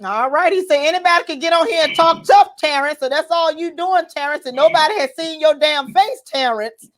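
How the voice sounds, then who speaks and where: A woman with a very high voice hosts a casual gossip livestream. She is sassy and dramatic, and she keeps relaying what her caller says back to her viewers. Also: a little fast. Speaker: gossip show host.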